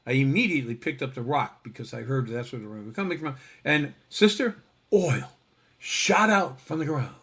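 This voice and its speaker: A man's voice: mid-range voice, animated, moderate pace, a bit bright, breathy edge. A man voicing a cocky schoolboy who pleads his tall tale earnestly, like a lawyer. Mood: pleading earnestly. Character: cocky boy schoolkid spinning tall tales.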